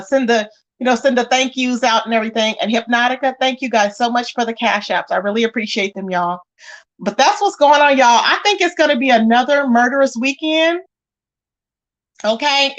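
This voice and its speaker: High-pitched woman w/ aave, chatting on her livestream, animated, thanks chat n spills tea. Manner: animated, dramatic, acts out quotes. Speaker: livestream host reading chat. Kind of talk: casual gossip livestream chat.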